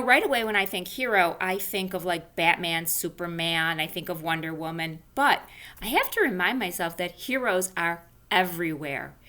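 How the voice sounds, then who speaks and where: A woman teaching an online class for young children from home, animated and sing-song, speaking slowly and carefully. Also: fairly low pitch. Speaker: elementary school teacher. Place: home room.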